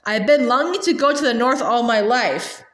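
An eager, timid young runaway boy from a storybook, earnest and a little unsure, as a woman reads him. His voice is pitched high. The room adds a clear echo. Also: normal speed, a bit bright, close to an everyday voice. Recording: roomy echo.

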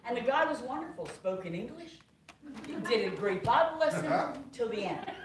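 A woman's voice: on the high side, normal speed, background noise. Older woman telling a comic testimony. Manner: animated storyteller acting out quotes. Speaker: conference speaker. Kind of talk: humorous personal testimony. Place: large conference hall. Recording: roomy hall, distant mic, loud audience. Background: audience laughter.

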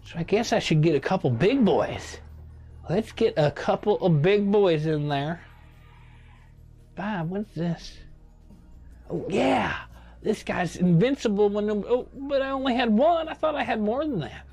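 A man's voice: high voice, animated, unhurried, a little mellow, slightly rough, faint music behind, heavily acted. A man impersonating a touchy, self-assured older male statesman, rambling through comedic gaming commentary in character. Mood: chatty. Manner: rambling, muttering to himself while picking cards.

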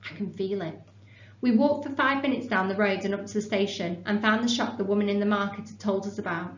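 A woman teacher reads a story aloud in clear, expressive tones, then explains the class task. Her voice sits at a middling pitch. The classroom sound is echoey and slightly dull. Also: quick pace.

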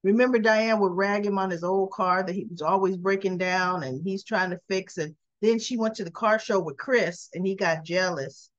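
A woman in her sixties giving a chatty, casual recap of a soap episode, talking through the scenes in an animated way. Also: normal speed, hardly any pauses, no echo. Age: 60s. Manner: chatty, acting out the characters' lines with lively pitch jumps. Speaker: soap opera recap vlogger. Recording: slightly dull, lo-fi audio.

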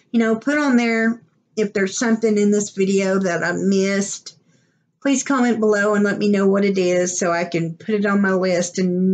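Woman vlogger with an Oklahoma accent; slow, easygoing, rambling delivery with frequent laughs. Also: medium pitch. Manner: chatty, rambling, laughs often. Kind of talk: casual unboxing vlog.

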